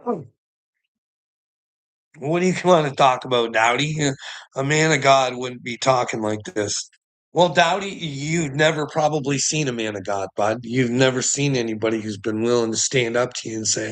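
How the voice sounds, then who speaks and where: Gravelly profane Canadian man ranting. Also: mid-range voice, unhurried, a bit bright, low-quality recording. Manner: rambling, profane, chuckling. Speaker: vlogger. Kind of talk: casual rant to viewers.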